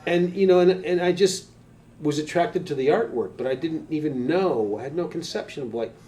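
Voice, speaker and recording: An older man, a tattoo artist, telling stories in a casual interview, rambling and animated and swearing casually, heard on a slightly distant mic. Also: on the high side, moderate pace.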